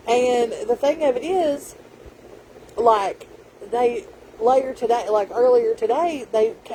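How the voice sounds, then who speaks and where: A woman's voice: fairly high pitch, mellow, slight background noise, poor audio. A woman, telling a rambling story in casual vlog chat. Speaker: vlogger.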